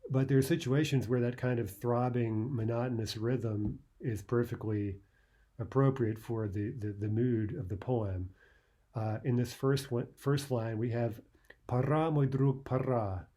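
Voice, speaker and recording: A man's voice: mid-range voice, a little slow, dark tone. A man teaching a poetry lesson, thinking aloud with many "uh"s and "right?"s as he explains a poem line by line.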